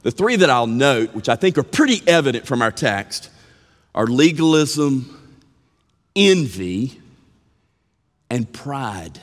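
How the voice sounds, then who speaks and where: Preacher guy giving a sermon, slow deliberate delivery, lots of pitch swing, long echo in a big church. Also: sing-song. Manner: earnest, drawn-out emphatic phrasing; mimics whiny complaints playfully. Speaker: pastor. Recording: long reverb of a large hall.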